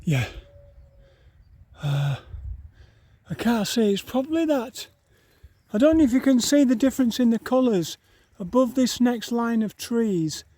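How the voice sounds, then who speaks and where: Breathless man grumbling on a slow hike. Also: extremely high pitch, expressive, dark tone, no room sound. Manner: rambling, muttering to himself, grumbling at the hills. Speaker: hiker vlogger. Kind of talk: walking vlog commentary. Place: outdoors on open moorland.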